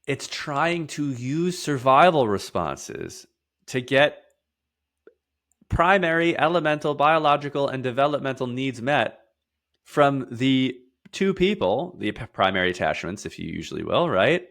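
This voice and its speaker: A man guest in an interview, explaining emphatically, stacking lists of words and repeating key phrases. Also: expressive. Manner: drops to a quieter, slower, lower delivery for heavy points. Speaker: podcast guest, somatic therapist.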